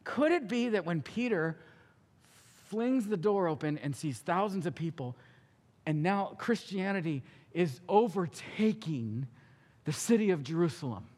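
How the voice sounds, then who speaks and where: A male pastor preaching a sermon, telling the story with animated acting-out of characters. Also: high voice, unhurried, big-room sound.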